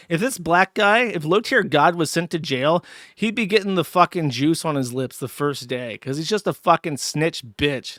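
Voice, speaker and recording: A man's voice: a little high, fairly bright tone, no echo, clean studio sound. A man hosting a livestream, ranting angrily and profanely, with mocking asides. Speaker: streamer host. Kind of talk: angry livestream rant.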